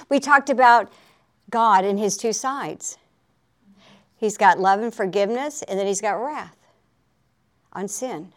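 A woman's voice: mid-range voice, takes it slowly, long pauses, fairly bright tone. A woman preaching in a chatty, conversational way on a faith talk show, laughing often and asking for an Amen.

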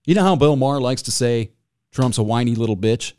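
A man's voice: mid-range voice, brisk, darkish tone, clear, resonant tone. A man hosting a podcast, telling stories and ranting in crude, joking banter. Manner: profane, ranting, jokey. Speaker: podcast host. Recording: faint music bed behind.

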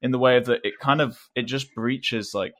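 A man's voice: medium pitch, fairly even intonation, moderate pace. English man rambling through an anecdote. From England. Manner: rambling with frequent restarts and fillers, chuckling often. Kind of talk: casual conversational anecdote.

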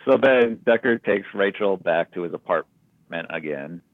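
Very deep-voiced man on a tinny line. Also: moderate pace, no echo. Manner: relaxed, storytelling, recapping plot. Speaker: podcast co-host. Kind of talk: casual movie recap chat. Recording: dry, phone-like sound.

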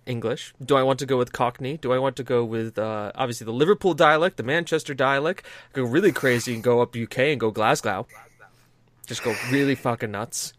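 A man hosting a podcast, chatting casually in an animated, sweary way with frequent restarts. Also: medium pitch, brisk, a little hiss or hum. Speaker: podcast host.

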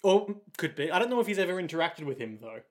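A man co-hosting a casual anime recap, narrating scenes in a dry, deadpan way with jokey asides. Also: a little high, quick pace. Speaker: podcast co-host.

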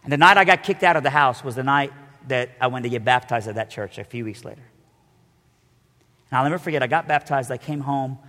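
Animated male preacher in a reverberant hall. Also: mid-range voice. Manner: storytelling, animated, acts out quoted voices. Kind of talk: sermon.

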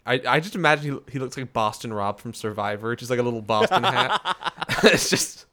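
A man playing a tabletop role-playing game in a casual, excitable way. He jokes between moves and talks about what his character does. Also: mid-range voice, a little fast. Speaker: player.

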